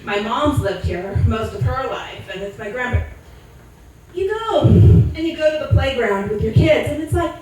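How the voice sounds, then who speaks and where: A woman's voice: high-pitched, a little mellow. A young woman from Sacramento performing a crude, self-deprecating stand-up comedy set. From Sacramento, California. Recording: echoey room mic'd from a distance.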